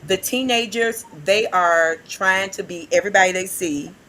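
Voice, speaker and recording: A woman who works with youth, telling animated stories in a casual podcast chat and acting out the voices she quotes. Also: mid-range voice, normal speed, a little hiss or hum. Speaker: youth worker and guest.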